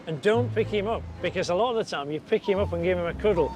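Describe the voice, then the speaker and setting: Frank, explaining man with a slightly high voice. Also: quick pace. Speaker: dog trainer. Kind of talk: reality TV conversation with dog owners. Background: background music.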